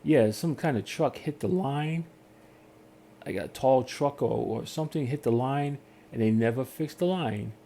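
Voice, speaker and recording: In an unhurried mid-range voice, a male podcast host launches into a casual rant, telling a lively story. He imitates the different voices on customer service calls, and a little hiss or hum is audible.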